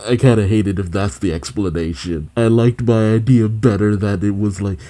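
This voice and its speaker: A man with a low, mellow voice reads a manga chapter aloud for his channel. He delivers the dialogue fairly flat and breaks off into excited, higher-pitched commentary when something surprises him. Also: moderate pace. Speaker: manga reaction host.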